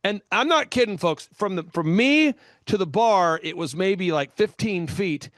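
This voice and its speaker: A male host with a high, bright voice who talks with energy and emphasis, sometimes rushing through lines in fast bursts. The sound is dry and close, with no room around it. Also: expressive, no echo. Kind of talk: business talk show interview.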